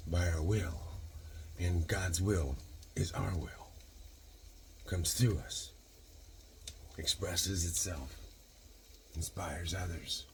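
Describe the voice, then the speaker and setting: A man's voice: low voice, slight background noise. A man in his sixties with a Michigan accent, chatting casually in his home kitchen while cooking, rambling into philosophical tangents and speeding up in bursts. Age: 60s. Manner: talks fast in bursts. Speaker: vlogger.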